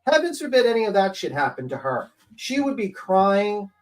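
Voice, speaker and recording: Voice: mid-range voice, sing-song, moderate pace, low-quality recording. A panelist on a livestream giving casual, rambling commentary full of swearing and filler words. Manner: profane, rambling, lots of fillers. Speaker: panel guest.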